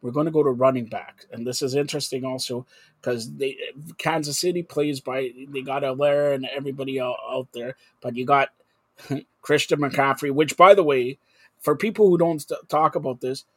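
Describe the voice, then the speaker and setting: A man's voice: mid-range voice, fairly even intonation, moderate pace, breathy edge, dry recording. A man hosting a sports talk radio show, brash and jokey, steering the chat with leading questions.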